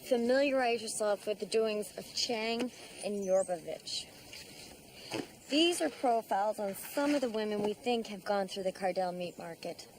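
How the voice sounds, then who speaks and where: An actress playing a brisk, dry-witted female investigator in charge, in a TV drama. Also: mid-range voice, noisy background, natural voice. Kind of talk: TV drama acting. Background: music.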